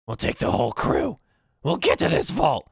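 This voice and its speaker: A man plays a greedy goblin boss who snarls threats and barks orders at his crew. The voice is pushed high and gravelly, loud and commanding. The sound is dry and close. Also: wildly swooping pitch, moderate pace, dry recording, full character voice. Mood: threatening. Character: cruel male goblin boss, greedy and ruthless.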